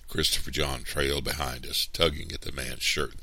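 A man reads a story aloud in a very deep, gravelly voice. His delivery is lively and animated, with a bright, crisp edge, and it sounds close and dry. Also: normal speed, no echo. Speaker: storybook reader. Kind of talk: expressive read-aloud narration.

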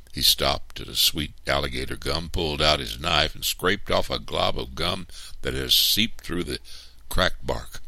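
A man reads a storybook aloud, unhurried and expressive. His voice is very deep and gravelly, yet bright on top, and it swings widely in pitch. The sound is dry and close. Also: dry recording.

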